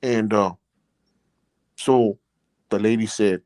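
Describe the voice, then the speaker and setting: A man's voice: lowish voice, moderate pace, darkish tone, no echo. A middle-aged man telling his own stories in a casual, rambling way, leaning on "you know" and getting earnest and emotional. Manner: rambling, leans heavily on "you know" fillers; earnest and emotional when recounting his experiences. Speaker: podcast host, former prisoner. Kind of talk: casual storytelling.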